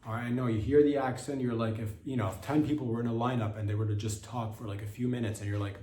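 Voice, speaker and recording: A man's voice: mid-range voice, a little fast, darkish tone, recorded from a distance. A man hosting a comedy podcast, delivering a crude, sarcastic, mock-indignant monologue full of profanity. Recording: echoey room with faint noise.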